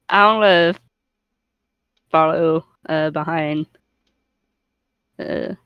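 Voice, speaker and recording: A woman's voice: low-pitched, drawn-out words, smooth, no echo, lo-fi sound. A woman playing a tabletop game, curious and tentative with her questions. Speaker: player. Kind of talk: casual tabletop play.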